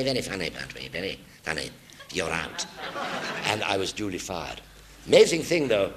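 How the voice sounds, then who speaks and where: An older man recounts old stage and radio mishaps in a relaxed storytelling manner. His voice sits at a middling pitch but rises and falls a great deal as he animates each scene. He slips into the voices of the people in his tales. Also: slight background noise. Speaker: actor telling anecdotes. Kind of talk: anecdotal storytelling.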